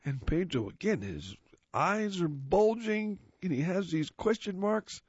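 A man's voice: sits high, animated, unhurried, a little mellow, husky, no echo. A man reading a magazine aloud for a radio reading service, describing the pictures off the cuff in a casual way. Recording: muffled lo-fi recording.

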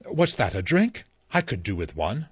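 A man reading an audiobook, voicing a breezy, carefree young gentleman. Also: fairly low pitch, big pitch swings, moderate pace, slightly rough, no echo. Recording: slightly dull dry recording.

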